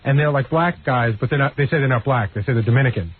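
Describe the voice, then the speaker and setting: A man in casual radio banter, quick to correct the others and tell stories. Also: medium pitch, slightly rough. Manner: quick and anecdotal, eager to correct. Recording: tinny lo-fi radio line.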